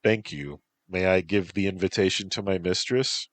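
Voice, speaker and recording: A man's voice: low voice, normal speed, close to an everyday voice. A man voicing an earnest, polite young man who serves a princess.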